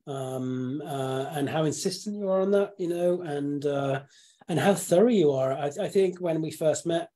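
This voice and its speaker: A man hosting a casual live chat, rambling with restarts and frequent throat clearing. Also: fairly high pitch, normal speed, mellow. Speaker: host.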